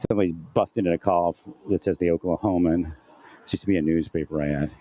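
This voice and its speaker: Speaking fast in a warm, low-pitched, steady voice, this vlogger rambles through a personal monologue, often losing focus and restarting. He records on a home setup with a phantom-powered mic, and the sound is dry and dull.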